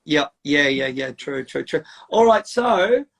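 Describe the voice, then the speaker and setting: Aussie male host, middle-aged, higher voice, relaxed chatty interviewer who backs up the guest constantly. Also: measured pace, gravelly. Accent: Australian. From Australia. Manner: laid-back, frequent "yep" backchannels. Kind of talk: casual interview chat.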